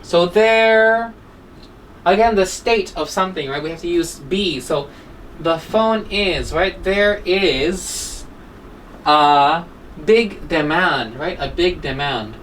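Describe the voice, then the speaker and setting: A woman teacher with a fairly low voice explains grammar and word forms. She keeps asking "right?" and "okay?" as she goes. She sits a little back from the mic, with faint noise behind her. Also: takes it slowly, recorded from a distance, rough recording. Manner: checks in with frequent "right?" and "okay?". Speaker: English teacher. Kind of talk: online exam-prep class.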